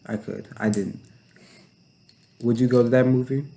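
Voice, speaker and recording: A young man co-hosting a podcast in casual chat, laid-back and low-key, with many short agreeing replies. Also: fairly even intonation, moderate pace, creaky, dark tone. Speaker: podcast co-host.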